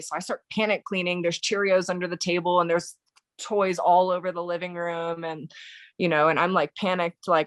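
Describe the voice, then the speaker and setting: A young American woman, a podcast guest, recounting a painful day in a halting way with many fillers and restarts. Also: on the low side, steady tone, no echo. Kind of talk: emotional personal recollection.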